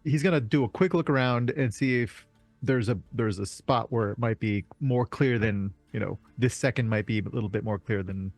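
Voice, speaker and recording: A man's voice: mid-range voice, normal speed, a little mellow, dry recording, soft background music. Chatty man at a game table. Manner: loose, chatty, with fillers and laughs. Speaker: player. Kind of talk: casual play at a tabletop game.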